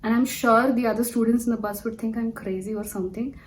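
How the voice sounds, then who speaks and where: A woman's voice: a little high, fairly even intonation, quick pace, a little hiss or hum, low-quality recording. A young woman from India sharing an earnest personal testimony, telling her story with many fillers. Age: young adult.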